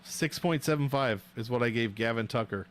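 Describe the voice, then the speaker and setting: A young man sits at a home streaming desk, speaking straight into his microphone as he rates fighter nicknames and chats loosely with viewers. His voice is an ordinary mid pitch at a moderate pace, and his banter is animated, joking, and freely profane.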